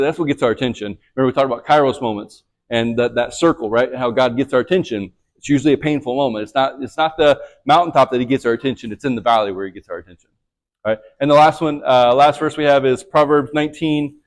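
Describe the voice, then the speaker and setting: A man's voice: medium pitch, quick pace. A man leading a men's church group, teaching a lesson and sharing his own testimony in a conversational way, often checking in with "right?".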